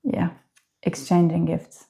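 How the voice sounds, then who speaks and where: A woman giving a spoken tarot reading in a gentle, heartfelt way, hesitant and full of filler words. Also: fairly low pitch, completely flat delivery, slow, vocal fry. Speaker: tarot reader.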